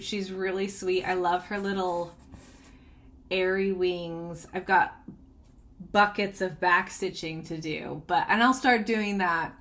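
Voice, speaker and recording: A woman's voice: lowish voice, a bit bright. A woman chatting casually about her cross-stitch projects, bubbly and giggly, rambling with restarts. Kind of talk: casual chatty show-and-tell.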